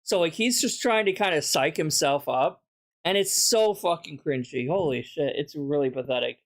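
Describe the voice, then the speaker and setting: A man streams reaction commentary in a ranting style, shrugging things off with blunt, swear-filled dismissals. His voice leans slightly high for a man and his speech is loose and casual. He sounds animated and talks at a normal speed.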